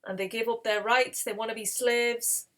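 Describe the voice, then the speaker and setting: Lively woman retelling a Bible story. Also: on the high side, moderate pace. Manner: animated storyteller acting out the characters. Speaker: Bible reading series host. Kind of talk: casual retelling of scripture.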